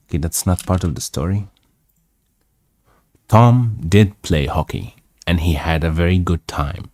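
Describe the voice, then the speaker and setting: A man's voice: low voice, a little slow, pauses often, a little mellow, no echo, studio quality. A man reading a novel aloud for English learners, stopping to check words and repeat their pronunciation. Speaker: English teacher.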